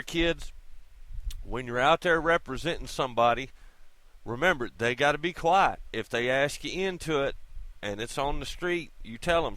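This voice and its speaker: A man's voice: medium pitch, fairly bright tone, no room sound. A man delivering a casual, folksy, profanity-laced rant straight to his viewers, whom he calls kids. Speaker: video blogger. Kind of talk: casual ranting monologue.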